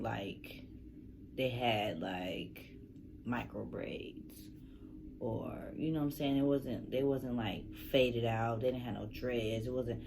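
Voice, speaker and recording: A woman with a strikingly low, deep voice, talking straight to her camera in a relaxed storytime. She rambles and curses freely, drifting through fillers as she goes. She is a young adult from Northern California. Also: creaky, noisy background. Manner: laid-back, profane, rambling with fillers. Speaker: vlogger. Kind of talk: casual storytime.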